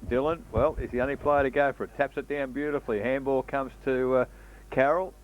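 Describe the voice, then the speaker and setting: A man's voice: medium pitch, steady tone, brisk. A man with an Australian accent calling a local football match, talking casually and filling gaps with "uh" between plays. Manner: conversational, slips in fillers between play calls. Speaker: football commentator. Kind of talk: local radio football commentary. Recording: dull lo-fi broadcast audio.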